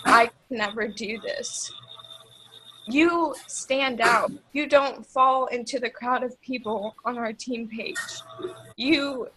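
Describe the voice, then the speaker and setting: Woman, bright, slightly high, team member on a video call; earnest encouragement, faint background noise. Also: low-quality recording. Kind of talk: encouraging group chat.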